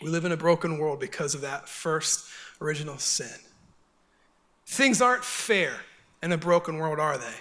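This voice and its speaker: Earnest, high, bright-voiced male pastor. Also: expressive, normal speed. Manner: earnest, conversational preaching with soft, quiet stretches. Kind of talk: sermon. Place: church auditorium.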